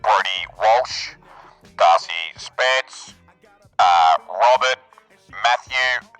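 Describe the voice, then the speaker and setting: A man putting on a deep, slow school loudspeaker announcer. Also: no echo, soft background music. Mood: flat official. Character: adult man making a school office announcement.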